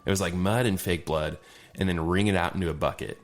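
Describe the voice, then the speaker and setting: A man, a podcast guest, telling casual anecdotes in an animated way and often laughing between them. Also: low voice, fairly quick. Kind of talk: casual storytelling chat.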